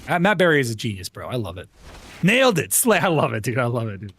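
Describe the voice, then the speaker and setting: Lively, chatty male game streamer. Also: fast, slight background noise. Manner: chatty, friendly, greets viewers by name; rambling restarts, animated jumps in pitch. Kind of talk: casual live-stream chat while gaming.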